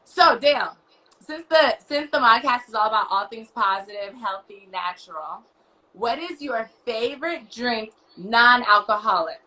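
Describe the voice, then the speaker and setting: A woman's voice: a little high, expressive, unhurried, bright, forceful tone, rough recording. An American woman hosting a podcast, upbeat and teasing as she interviews a guest. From United States. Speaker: podcast host. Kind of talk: casual video interview.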